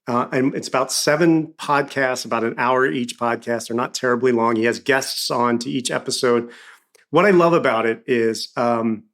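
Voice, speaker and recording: A man's voice: medium pitch, normal speed. A man with a Philadelphia accent, a podcast guest telling stories in casual conversation and acting out quoted dialogue. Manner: animated storyteller, acts out quoted dialogue.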